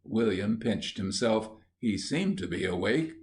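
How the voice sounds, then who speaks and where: Low-voiced male audiobook narrator. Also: animated, unhurried, a little hiss or hum. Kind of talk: scripted storybook narration.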